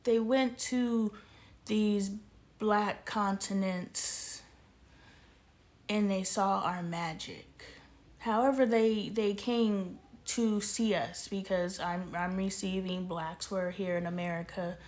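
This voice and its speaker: Animated woman preaching on a livestream. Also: mid-range voice, slow pace. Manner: animated and preachy, addresses chat, laughs often. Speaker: livestream host and self-help author. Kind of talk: casual livestream monologue.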